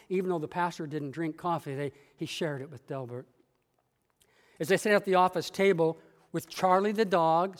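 A male pastor delivering a story sermon in a church with a measured, dramatic storytelling manner. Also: high voice, in a large hall.

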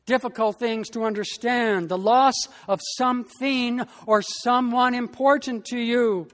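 A pastor preaching a sermon in a slow, emphatic way, with long pauses between phrases. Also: medium pitch, fairly even intonation, in a large hall.

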